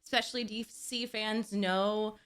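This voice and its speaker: A young woman hosting a reaction video, talking casually in an excitable way and often laughing and swearing. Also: mid-range voice, measured pace.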